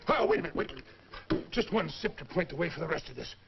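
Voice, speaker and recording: An actor playing a middle-aged, smooth-talking soldier, coaxing his sweetheart in a boozy, wheedling manner. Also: a little high, lively intonation, quick pace, music in the background. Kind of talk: 1950s film acting. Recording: dull, noisy old film soundtrack.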